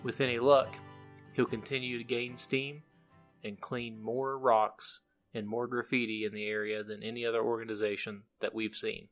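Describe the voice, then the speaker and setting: A man's voice: medium pitch, level tone, moderate pace, fairly bright tone, soft background music. Man with a Southern Ohio accent. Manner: friendly, laughs often, chatty. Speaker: podcast host. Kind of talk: casual podcast interview.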